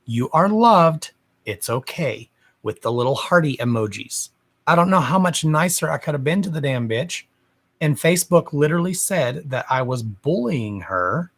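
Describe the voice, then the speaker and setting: A man's voice: fairly high pitch, animated, moderate pace, vocal fry, fairly bright tone. A man hosting a live stream as a psychic medium, chatting casually from home in a sassy, gossipy way, cussing freely and calling his viewers darling.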